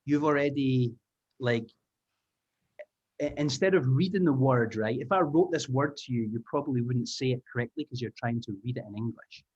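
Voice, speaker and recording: A man's voice: medium pitch, normal speed, darkish tone, breathy edge. A man leading an online language-teaching taster class, upbeat and encouraging, explaining sounds step by step. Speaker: English teaching trainer. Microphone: video call. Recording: muffled video-call audio.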